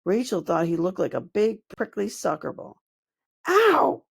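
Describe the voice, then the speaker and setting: A woman narrating a children's book read-aloud in an expressive storytelling manner. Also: on the low side, normal speed, vocal fry, slightly rough.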